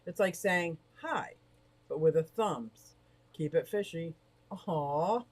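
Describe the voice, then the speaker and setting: A woman's voice: lowish voice, a little mellow. A middle-aged woman hosting a casual livestream from beside her fish tank, chatting in a bubbly, rambling way and reading out viewer comments. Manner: bubbly, rambling, quick to laugh. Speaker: livestream host of an aquarium shop.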